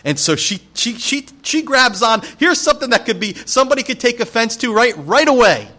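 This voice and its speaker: A male pastor preaching a sermon, an animated storyteller who speaks emphatically and addresses the congregation directly. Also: very high voice, fairly quick.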